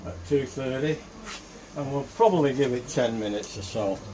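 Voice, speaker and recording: A man's voice: mid-range voice, normal speed, warm tone. A man cooking at home who chats to his viewers and mutters to himself as he works in his kitchen. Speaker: home cook vlogger. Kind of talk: casual cooking commentary. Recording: noisy background ambience.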